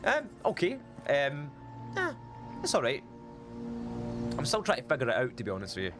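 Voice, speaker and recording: A man's voice: mid-range voice, wildly swooping pitch, moderate pace, over music. A man with a Falkirk Scottish accent streaming a game and chatting to his viewers in a rambling, casual way. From Scotland. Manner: rambling, chatty, talks to chat. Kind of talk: casual gameplay chat.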